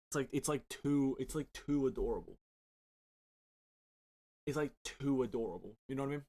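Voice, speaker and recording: Excitable, swearing guy reading a comic. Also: medium pitch, moderate pace, long pauses. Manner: excitable, swears freely, mumbles through hard names. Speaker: gaming video creator. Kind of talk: casual reading of a comic aloud.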